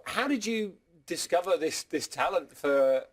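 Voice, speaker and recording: A man hosts breakfast television in a fairly high voice. He is friendly and asks questions with fillers and restarts. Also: animated, measured pace. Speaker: TV presenter. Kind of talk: breakfast TV presenting.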